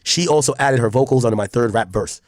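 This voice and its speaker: A man's voice: medium pitch, fast, no echo, studio quality. A man streaming casual commentary to his chat, reading posts aloud and reacting bluntly, with frequent profanity.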